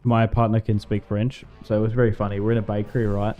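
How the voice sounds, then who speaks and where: A gaming livestreamer chats casually and ramblingly while streaming a strategy game, laughing often. His voice is fairly low and level, quick-paced, heard through narrow, tinny audio with faint music in the background.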